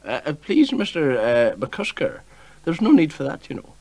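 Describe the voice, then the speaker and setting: A man puts on a stiff, pompous retired police chief who hesitates and ums through his formal words. The voice is husky and bone-dry, with a Northern Irish accent and a pitch that rises and falls widely. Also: wildly swooping pitch, moderate pace, a little mellow, no room sound, full character voice.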